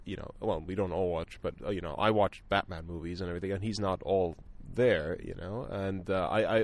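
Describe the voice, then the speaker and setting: A man with a lowish voice talks films in a relaxed, unscripted way. He pauses often, restarting sentences with plenty of fillers as he thinks aloud. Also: no room sound. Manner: thoughtful, many fillers and restarts. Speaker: film podcast guest. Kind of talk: casual film discussion.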